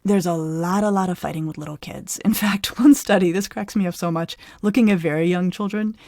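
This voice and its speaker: A middle-aged woman psychologist hosting a podcast, explaining conversationally with an animated, easy manner. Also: on the low side, fairly quick, no echo, studio quality. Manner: animated, explanatory, laughs easily. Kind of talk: conversational expert advice.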